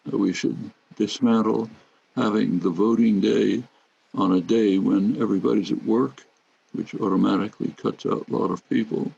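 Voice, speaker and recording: An older man, a guest commentator, explaining deliberately in a lecture-like way. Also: on the low side, fairly even intonation, gravelly, dark tone, husky, muffled recording. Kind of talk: lecture-like reflection.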